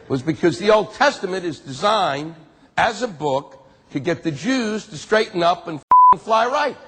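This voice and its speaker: A man rants through a stand-up bit, his voice bright and sharp with a gravelly edge. His pitch swings widely as he voices his disbelief. The live hall adds a long reverb and faint noise. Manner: lively, incredulous ranting. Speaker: stand-up comedian. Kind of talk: stand-up routine.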